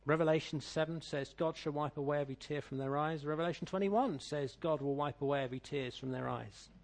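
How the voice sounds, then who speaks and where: A middle-aged British man preaching a sermon, reading scripture and telling stories, swinging between loud declaiming and quiet asides. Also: on the high side, a little fast. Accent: British English. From Britain.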